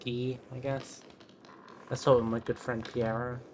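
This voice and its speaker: A man's voice: medium pitch, level tone, measured pace, a little hiss or hum. A young man streaming a story game, chatting casually and reading its dialogue aloud in a playful manner. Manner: playful, swearing, reacts with little gasps and laughs.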